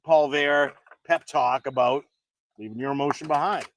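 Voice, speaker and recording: A man's voice: fairly high pitch, moderate pace, slight background noise, low-quality recording. A man co-hosting a casual chat show, joking and bantering with his co-hosts. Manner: jokey, animated banter. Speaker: podcast co-host.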